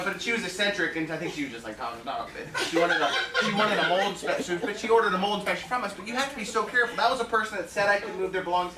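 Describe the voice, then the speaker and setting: A man telling anecdotes in a conference talk, chatty, laughing often and acting out the people he quotes. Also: sits high. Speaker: home inspector speaking at a conference. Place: conference room with an audience. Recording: echoey room, mic heard from far, audience noise.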